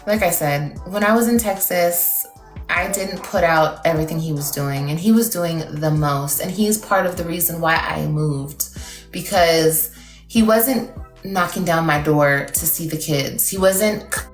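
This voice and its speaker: A woman's voice: low-pitched, measured pace, soft background music. Emotional rambling woman, echoey room. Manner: rambling, emotional, heavy with "like" fillers. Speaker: TikTok livestreamer. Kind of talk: casual livestream talk to viewers.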